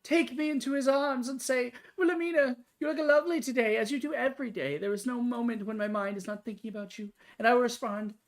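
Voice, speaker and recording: A woman's voice: a little high, fast talker, few pauses, pitched above the performer's own voice, lightly acted. A woman voicing a haughty, lovesick, grandiose woman in a game, reading her lines in a pompous, theatrical manner. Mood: dreamy, grand. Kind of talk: game dialogue read aloud.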